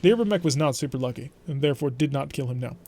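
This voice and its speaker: A young adult streamer plays a mech strategy game, delivering let's-play commentary in an animated, very fast, mid-range voice with a darkish tone. His play-by-play is chatty and wry, with a mock-exasperated edge.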